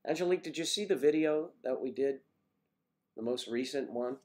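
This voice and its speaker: An older man hosting a casual livestream, chatting warmly with viewers by name and rambling through stories. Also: medium pitch, normal speed. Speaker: livestream host reading viewer comments. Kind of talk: casual chat.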